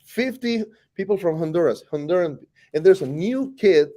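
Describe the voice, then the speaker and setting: He's a man in his forties, a Costa Rican teacher and native Spanish speaker, with a high voice at normal speed and a Costa Rican Spanish accent. During the casual interview he's animated and joking, restarting his sentences often.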